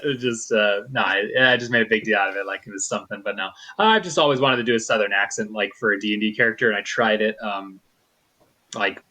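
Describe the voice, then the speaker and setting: A man's voice: on the low side, pushed and bright. A man from the US West Coast, a tabletop game player, chatting casually and rambling with many restarts. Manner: rambling, restarts sentences a lot.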